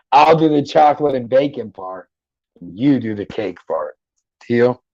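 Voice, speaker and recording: A man's voice: medium pitch, big pitch swings, takes it slowly, vocal fry, a little mellow, no echo, muffled recording. A middle-aged man hosting a livestream, chatting casually and joking with viewers' comments in a loose, profane way. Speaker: livestream host. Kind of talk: casual chat reading live comments. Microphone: headphones and mic at a computer.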